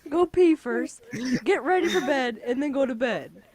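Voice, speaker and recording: A woman's voice: high-pitched, animated, normal speed, a little mellow. A woman hosting a casual chat with a friend, giggling constantly and teasing him in a bossy way, from her room at home. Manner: giggly, breaks into laughing fits, bossy teasing. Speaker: channel host. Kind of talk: casual chat over voice call.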